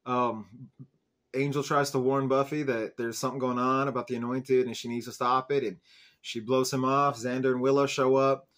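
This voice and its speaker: A man of middle pitch talks through a TV episode in a loose, chatty recap. He fills his sentences with "like" and "um" and keeps the retelling lively and conversational, never scripted. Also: moderate pace. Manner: chatty, peppered with "like" and "um", animated retelling. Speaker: show host reviewing an episode.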